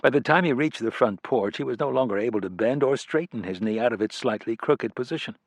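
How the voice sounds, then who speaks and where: A man reading a thriller audiobook as scripted narration, in a measured, deliberate manner. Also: medium pitch, expressive, dry recording.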